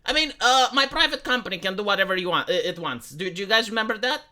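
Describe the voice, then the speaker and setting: A man's voice: high-pitched, animated, quick pace, bright, forceful tone. A man from Romania giving an opinionated political monologue to his viewers, ranting with frequent restarts. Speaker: political commentator streamer.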